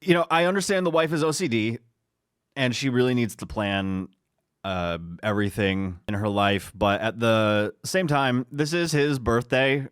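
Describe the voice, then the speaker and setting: Male podcast co-host, clear tone, dry close mic, joking and teasing. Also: medium pitch, moderate pace, dry recording. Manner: joking, mock-judgmental banter. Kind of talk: casual comedic chat.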